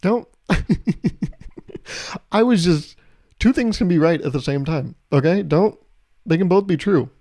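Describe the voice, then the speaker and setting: A man's voice: fairly high pitch, expressive, slow, long pauses, dark tone, no room sound, clean studio sound. A young man hosting his podcast, telling a travel story in a casual, comedic way with exasperated, swearing rants. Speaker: podcast host.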